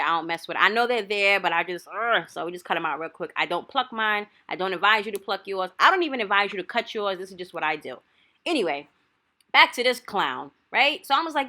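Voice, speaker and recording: Animated New woman, lively bright voice. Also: medium pitch. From New York. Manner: animated, chatty, gets loud and hyped. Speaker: hair vlogger. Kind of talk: casual storytelling while styling hair.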